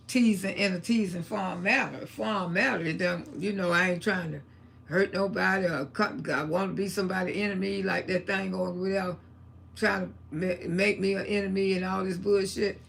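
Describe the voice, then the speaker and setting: On a casual livestream, a woman from Florida, USA tells blunt, salty stories about family, and she talks about God too. Her mid-range voice is creaky, with slight background noise in the recording.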